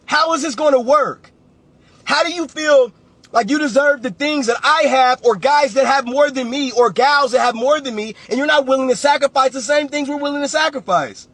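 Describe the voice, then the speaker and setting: A man's voice: very high voice, normal speed, fairly bright tone, dry recording. A man, a real estate coach giving a blunt, preachy motivational talk on a livestream and repeating phrases for emphasis.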